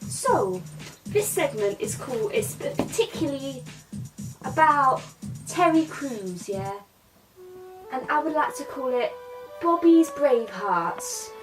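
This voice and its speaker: Woman doing a cocky lad, high voice jumping all over, bit off mic. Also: very animated, takes it slowly, pauses often, far from the mic, over music, exaggerated voice. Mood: crude rambling. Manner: rambling, crude, keeps tagging "yeah?" and "mate". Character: cocky young male London lad, crude and boastful. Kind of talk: character comedy podcast.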